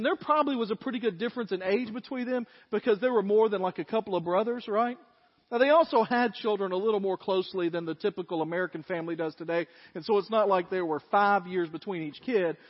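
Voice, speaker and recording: A man's voice: high voice, brisk, long reverb tail, dull audio. A male pastor preaching a sermon to his congregation in a folksy, conversational way, with asides to the listeners. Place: church sanctuary.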